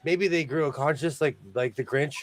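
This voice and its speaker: A man's voice: a little high, moderate pace, slight background noise. A man hosting a live sewing stream over a video call, chatty and self-mocking, greeting viewers by name. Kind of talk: casual chat.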